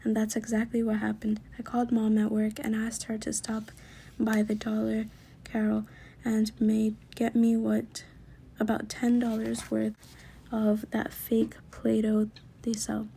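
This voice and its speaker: A woman reading a children's book aloud in a soft, often whispered narration. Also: a little high, completely flat delivery, measured pace, vocal fry, slight background noise. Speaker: story reader.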